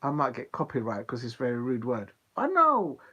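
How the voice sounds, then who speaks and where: A man hosting a football watch-along stream, chatting in a rambling, animated way with plenty of ums. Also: medium pitch, fast talker, slightly rough, highs cut off. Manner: chatty, digressive, animated storytelling with filler ums. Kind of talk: casual rambling chat.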